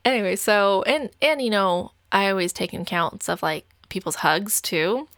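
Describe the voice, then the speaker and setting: A woman's voice: medium pitch, normal speed, a bit bright, dry recording, studio quality. A young adult woman casually telling a dating story, full of "like" fillers and light laughs. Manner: chatty, heavy filler use of "like", frequent light laughs.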